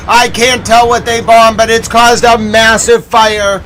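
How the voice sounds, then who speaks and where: A man's voice: extremely high pitch, little pitch movement, unhurried, few pauses, fairly bright tone, a little hiss or hum, rough recording. A man hosting a live news recap stream, urgently repeating breaking updates and exclaiming in alarm.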